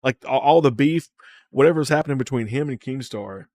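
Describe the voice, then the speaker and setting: A man's voice: medium pitch, a little fast, darkish tone, no room sound. A man casually talking to his chat during a stream, loose and profane, reading comments aloud.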